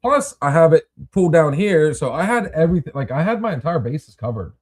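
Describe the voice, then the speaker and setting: A man's voice: fairly high pitch, sing-song, a little fast. A man hosting a podcast, telling a story in casual chat with rambling restarts and free swearing. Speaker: podcast host.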